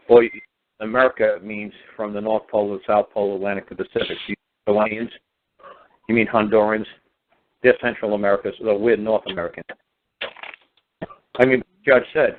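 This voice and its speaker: A man's voice: on the low side, steady tone, fairly quick, pauses often, slight background noise. A man talking in a casual radio conversation, emphatic and sarcastic, repeating his points over and over. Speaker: guest speaker on law. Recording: tinny phone line.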